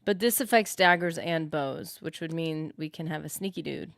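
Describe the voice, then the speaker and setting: A woman's voice: sits low, moderate pace, vocal fry, no echo, studio quality. A woman streaming a game live, chatting casually and thinking aloud as she answers her viewers. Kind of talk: casual live-stream chat while gaming.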